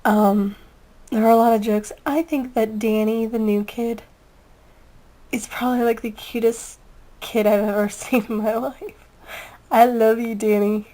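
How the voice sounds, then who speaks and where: A woman's voice: fairly high pitch, flat delivery, a little slow, pauses often, mellow, rough recording. A young woman chatting casually as she reviews a video, taking her time over each thought. She rambles and gushes, breaking into giggles between comments. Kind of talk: casual chat.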